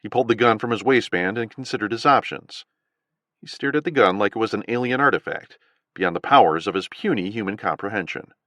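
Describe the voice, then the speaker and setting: A man narrating an audiobook thriller with an expressive, dramatic reading. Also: lowish voice, a little fast, dry recording. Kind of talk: scripted narration.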